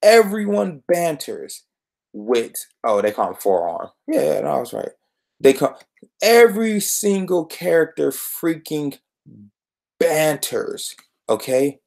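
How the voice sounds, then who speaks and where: A man's voice: on the high side, very animated, slow, gravelly, a little mellow. A young man hosting a solo podcast, reviewing comic books in an exasperated, sarcastic rant.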